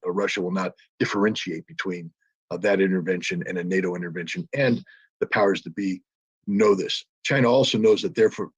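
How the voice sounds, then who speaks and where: Low husky man giving analysis. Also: no room sound. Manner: measured, many fillers and restarts. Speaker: panelist answering questions. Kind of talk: spontaneous expert analysis.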